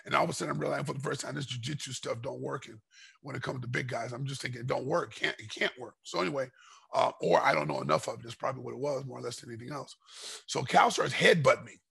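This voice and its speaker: A middle-aged man, a former fighter, telling a rambling story in a podcast interview and getting loud and heated as it goes. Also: medium pitch, rapid-fire, gravelly, breathy edge. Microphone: podcast microphone.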